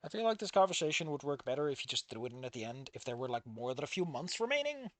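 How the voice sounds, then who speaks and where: A woman's voice: sits low, sing-song, fast talker, dry recording. A woman reacting to a story she is reading, casual and exasperated, swearing often and voicing her frustration. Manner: exasperated, emotional, swears a lot. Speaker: fan fiction reader and reactor.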